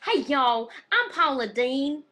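A woman's voice: sits high, sing-song, slow pace, sharp tone, voice pushed up, heavily acted. A woman voicing a cheery, folksy Southern woman TV cook with a hammy put-on Southern US drawl. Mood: chirpy.

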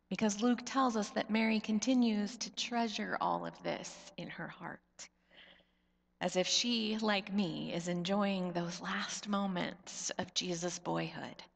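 A woman pastor in her thirties preaching a sermon, slow and reflective, her voice often dropping soft at the ends of phrases. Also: mid-range voice, gravelly. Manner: slow, reflective storytelling with soft drops in volume. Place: church sanctuary. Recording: long church reverb.

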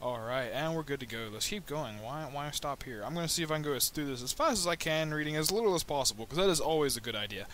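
A man giving let's play commentary on a budget microphone, rambling and joking with sudden high excited yelps. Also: fast talker, few pauses, a little hiss or hum. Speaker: gameplay commentator. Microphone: new budget microphone.

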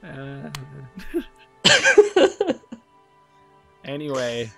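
Gamer from canada, bright voice jumping up and down, swearing at the game, bit of music behind. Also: mid-range voice, extremely slow, vocal fry. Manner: excitable, swears and groans at the game. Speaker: gaming channel host. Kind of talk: casual gameplay chat with friends.

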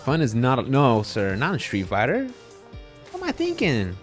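A man streaming a live game, commenting excitedly, cursing and bursting into shouts. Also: medium pitch, moderate pace, faint music behind.

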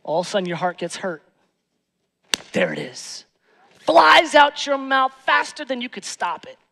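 A man's voice: very high-pitched, sing-song, moderate pace, gravelly, pushed and bright, big-room sound. A man preaching a sermon as pastor, emphatic, repeating phrases and asking rhetorical questions. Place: church sanctuary.

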